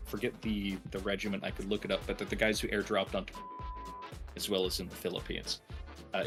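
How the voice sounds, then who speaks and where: A man's voice: on the low side, a bit bright. A man telling a long rambling anecdote to friends over voice chat while gaming, with many restarts. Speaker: gamer in group voice chat. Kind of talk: casual storytelling chat.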